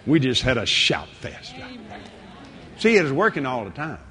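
A man's voice: a little high, wildly swooping pitch, moderate pace. Fiery preacher man. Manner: dramatic, swinging from shouting to hushed. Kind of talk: sermon with storytelling.

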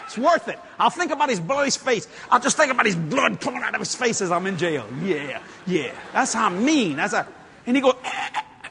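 A man preaching a sermon through a story, acting out the people in it and working up to loud shouts. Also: high-pitched, brisk, vocal fry. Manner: animated, acts out the people in his stories, climbs to shouting.

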